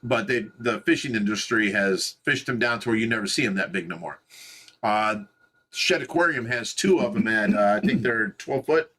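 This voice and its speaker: A man's voice: on the low side, moderate pace, bright, forceful tone. A man with a Midwestern American accent, co-hosting a fish rescue stream from home, chatting casually and rambling with restarts. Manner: rambling, restarts, laughs at himself. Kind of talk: casual livestream chat. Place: indoors at home.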